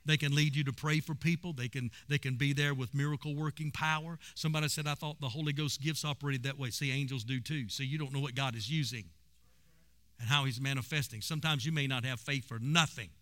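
A man preaching, his voice bright and forceful. He tells stories with plenty of emphasis. His pitch sits in the middle range. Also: fairly even intonation, fast. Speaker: pastor. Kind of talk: sermon.

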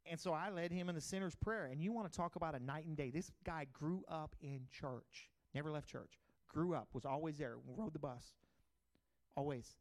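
Preaching at a moderate pace, a middle-aged pastor uses his somewhat high male voice to tell his sermon in a chatty, storytelling way. Loud bursts give way to quiet asides and back again.

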